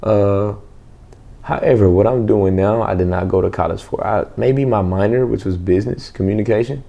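A young adult man telling stories in a relaxed, casual chat as a podcast co-host, with many restarts. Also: fairly low pitch, moderate pace, gravelly, lo-fi sound. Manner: storytelling, loose and laid-back with restarts.

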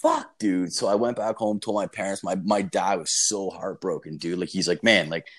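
A man's voice: low-pitched, steady tone, brisk. A young man telling a long, profane, rambling story in casual chat.

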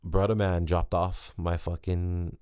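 A man's voice: deep voice, level tone, slow pace, darkish tone, clean tone, no room sound, clean studio sound. A young man hosting a podcast, rambling and joking with lots of swearing, tired and giddy. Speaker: podcast host. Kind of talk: casual solo podcast chat.

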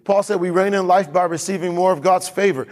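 A man's voice: high voice, a little fast, darkish tone. A man preaching a sermon as pastor in a church, emphatic and given to repeating his lines and reading scripture aloud.

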